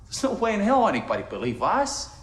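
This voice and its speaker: An actor playing a tough male garage boss with a put-on New York accent, speaking gruffly and urgently in a film clip. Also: high voice, wildly swooping pitch, fast talker, fairly bright tone, full character voice. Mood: tense. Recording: roomy film clip audio.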